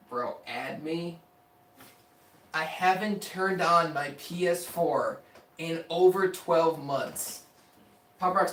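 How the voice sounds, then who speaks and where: A man's voice: on the high side, a bit bright. A young man hosting a casual live stream, rambling and joking about his own tech videos in slangy talk. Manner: loose, rambling, self-mocking, slangy. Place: his room, indoors. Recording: echoey room, mic at a distance.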